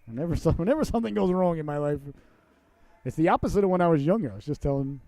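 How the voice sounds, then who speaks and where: A man in his late forties calling a youth hockey game play by play, switching between excited play calls and chatty, self-deprecating asides. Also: no room sound. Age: 40s. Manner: voice rises and speeds up on rushes, drops low for asides. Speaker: play-by-play announcer.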